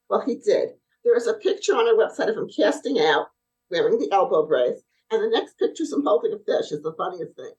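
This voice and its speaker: Lively woman telling animated stories. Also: mid-range voice, fairly quick, rough recording. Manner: animated, acts out quoted dialogue. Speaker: podcast guest, brace company owner. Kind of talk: casual interview storytelling.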